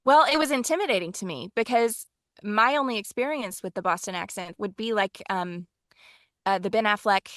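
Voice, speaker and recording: A chatty woman with a Texan accent talks about her narration work, filling pauses with ums. Her voice sits in a middle pitch range. The recording is close and dry, with no room sound. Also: no echo. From Texas. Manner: chatty and animated, with frequent ums. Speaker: audiobook narrator and voice actor. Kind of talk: casual interview chat.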